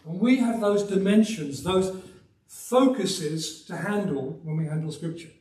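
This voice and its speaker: An older English man from the West Midlands preaching a sermon, with a softened accent and a folksy, emphatic manner and little chuckles. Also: high-pitched, a little slow, hardly any pauses. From Black Country, West Midlands of England. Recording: roomy, from some distance.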